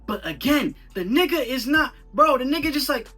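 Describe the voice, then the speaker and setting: A young man giving a casual, rambling movie review full of slang, talking in an animated, incredulous way. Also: very high-pitched, normal speed, distant mic, soft background music.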